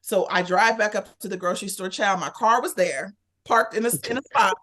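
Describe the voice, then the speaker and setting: A woman speaks as a podcast guest, her voice sitting at a middle pitch. She retells a personal story in a candid, conversational way and acts out her own thoughts with lively energy. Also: brisk.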